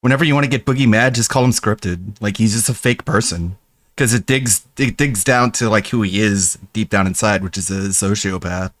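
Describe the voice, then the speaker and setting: A man's voice: fairly low pitch, normal speed, a bit bright, no room sound. A man casually mocking another streamer while commenting.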